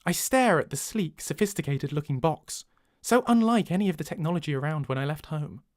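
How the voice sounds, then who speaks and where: Lively English man narrating an audiobook. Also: on the high side, brisk, no room sound, clean studio sound. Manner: lively, expressive, jokes between takes. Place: home recording booth.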